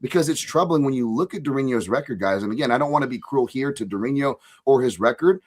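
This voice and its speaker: Talking fast with a medium-pitched, animated voice, a man from Hawaii works as a fight analyst on a podcast. He speaks casually and rambles, restarting often and tossing in "right?" again and again.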